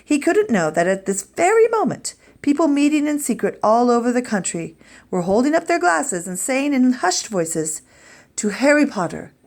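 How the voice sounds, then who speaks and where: A woman teacher reading a chapter of a children's book aloud to her students in a clear, expressive storytelling voice. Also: high-pitched.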